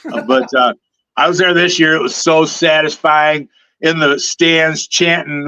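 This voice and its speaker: A man from the Detroit area chatting as a guest on a podcast, telling lively stories and acting out what other people said. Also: a little high, unhurried, dull audio. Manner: storytelling, animated quoting of others. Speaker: guest superfan. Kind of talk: casual podcast chat.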